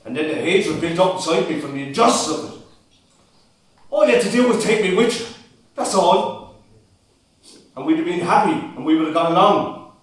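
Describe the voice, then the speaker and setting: A man's voice: fairly high pitch, fast, close to an everyday voice. A man plays a bitter, heartbroken grown son in an amateur stage drama, speaking in an impassioned voice that rises to pleading. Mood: anguished. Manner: impassioned, rising to pleading outbursts. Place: stage in a large hall. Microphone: far camera microphone. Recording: echoey hall from far off.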